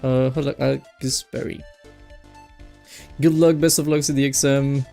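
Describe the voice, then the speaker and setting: A man's voice: mid-range voice, flat delivery, moderate pace, vocal fry, warm tone, faint music behind. A man streaming a game, chatting casually and rambling with his chat between reading lines. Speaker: VTuber streamer.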